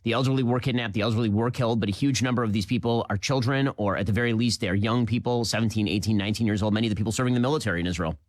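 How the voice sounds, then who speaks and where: A man hosting a political commentary show, delivering a rapid, emphatic, indignant monologue with repeated phrases. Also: on the low side, no echo.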